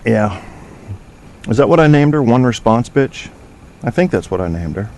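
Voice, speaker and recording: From a home studio, a man hosts a casual talk show, rambling through edgy, joking banter full of filler words. His mid-range voice is animated and a little mellow, moving at a moderate pace.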